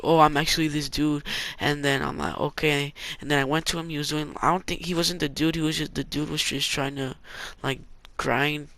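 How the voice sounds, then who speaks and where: Young dude rambling through a gaming story, kinda gravelly voice, bit higher than most guys. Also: male voice, sharp tone. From California. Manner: rambling, loose with lots of fillers and slang. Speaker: gaming vlogger. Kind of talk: casual story-time vlog.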